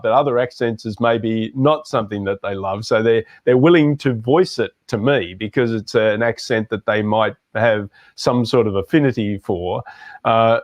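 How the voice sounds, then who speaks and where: A man's voice: lowish voice, no room sound. A man hosting a podcast in casual conversation, who often repeats words as he starts a thought. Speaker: podcast host.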